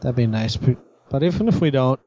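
A man hosting a casual gaming podcast, talking in halting bursts with frequent restarts. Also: mid-range voice, lively intonation, warm tone. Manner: halting, restarts often, laughs easily. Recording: dull lo-fi podcast audio.

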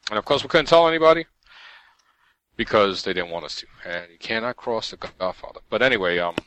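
A man's voice: on the low side, sharp tone, a little hiss or hum, low-quality recording. A man co-hosting a podcast, talking in a casual, rambling way with many restarts. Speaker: podcast co-host. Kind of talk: casual chat.

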